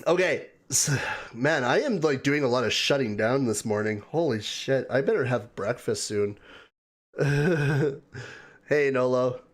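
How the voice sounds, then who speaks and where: Hosting a laid-back livestream, a man from Canada welcomes viewers, reads their comments out loud, and chats and laughs as he goes. He speaks unhurriedly in a mid-range voice with lively intonation.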